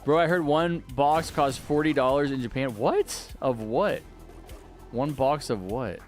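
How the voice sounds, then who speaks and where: With soft music behind him, a Texas livestreamer speaks in a mid-range voice at a measured pace. He rambles through viewer questions while he plays, filling his talk with fillers and frequent restarts.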